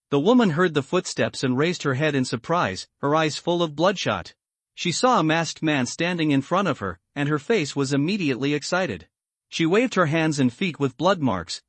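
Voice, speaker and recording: A man reading a scripted comic story recap in a slow, measured way. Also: on the high side, no room sound. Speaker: recap narrator.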